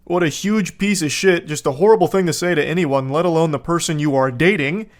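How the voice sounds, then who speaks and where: A man's voice: on the high side, a little fast. A man giving comedic reaction commentary, sarcastic, crude and exasperated.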